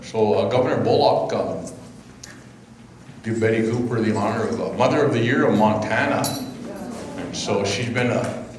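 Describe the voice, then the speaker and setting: A man giving an informal welcome speech as a tribal chairman. He speaks off the mic, in a halting and reflective way with many fillers. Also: fairly low pitch. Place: indoor event hall. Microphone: speaking without the mic. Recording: very echoey hall, faint background hum.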